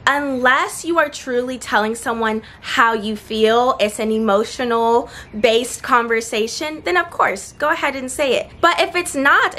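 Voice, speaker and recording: A young vlogger speaks in a slightly high, bright, forceful voice as she shares tips for speaking confidently. Recorded outdoors within earshot of seagulls, she comes across as earnest and encouraging, slowing down for emphasis.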